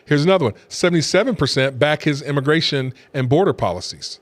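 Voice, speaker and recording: A man's voice: on the high side, expressive, fast. A man, a pastor hosting a show, giving emphatic political commentary to camera, repeating his points with scornful asides. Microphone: camera facing speaker.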